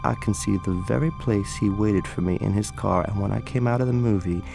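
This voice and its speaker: A theatrical, wistful storyteller. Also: male voice, lowish voice, a little fast, creaky, faint music behind. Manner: theatrical, swings from fervent to hushed. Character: gay man, weary and wistful storyteller. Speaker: film monologue narrator. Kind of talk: dramatic film monologue.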